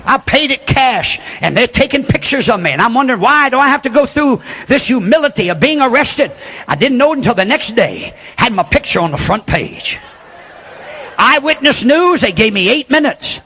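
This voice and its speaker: High-pitched theatrical preacher. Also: male voice, sing-song, moderate pace, husky. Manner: folksy and theatrical, building to shouts. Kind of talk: sermon storytelling.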